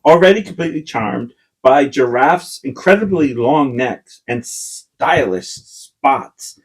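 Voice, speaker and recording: Podcast co-host, woman, giggly teasing delivery, lively breathy voice. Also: very deep voice, slow, low-quality recording. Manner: giggly, teasing, breaks into laughter. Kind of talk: casual chat, reading fun facts aloud.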